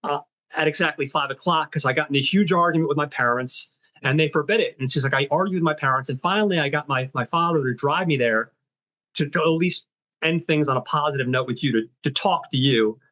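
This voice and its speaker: A man hosting a film podcast, casually retelling a movie's story with many fillers and quick voiced quotes of the characters. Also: fairly high pitch, sharp tone. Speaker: podcast host.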